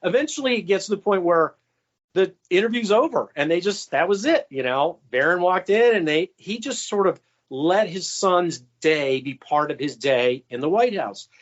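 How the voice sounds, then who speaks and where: A man's voice: lively intonation, moderate pace, dull audio. A man guest telling insider stories in an interview, with casual fillers and quoted asides. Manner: anecdotal, acts out quoted voices with raised pitch. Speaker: guest, former White House stenographer. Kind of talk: storytelling interview answers.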